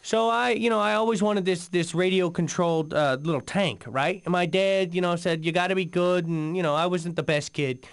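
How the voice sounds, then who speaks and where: A rambling boozy radio co-host. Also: male voice, high voice, fairly even intonation, moderate pace, few pauses, clear, resonant tone. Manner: rambling storyteller, lots of fillers. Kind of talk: comedic in-game radio talk.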